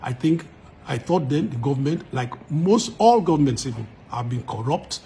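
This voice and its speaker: A man with a Nigerian accent talks straight to camera, laying out his case with force and driving each point home by repeating it. His voice sits a little higher than most men's. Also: lively intonation, normal speed, mellow, slight background noise. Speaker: musician. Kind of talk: direct-to-camera address to followers.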